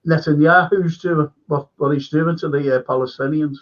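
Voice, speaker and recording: A male guest in a casual livestream chat, ranting fast and repeating himself. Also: on the high side, fairly even intonation, dull audio.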